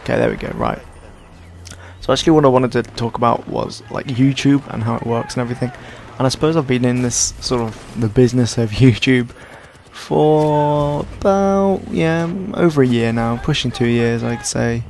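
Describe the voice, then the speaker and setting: Young male gaming commentator, tired and hoarse, gravelly, self-deprecating rambler. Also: medium pitch, expressive, brisk, darkish tone, a little hiss or hum. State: hoarse, sore throat. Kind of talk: casual gameplay commentary.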